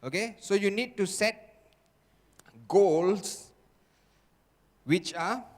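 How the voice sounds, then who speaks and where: High-voiced emphatic motivational speaker man. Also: extremely slow, in a large hall. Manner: emphatic, repetitive, keeps checking with the audience. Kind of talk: motivational seminar talk.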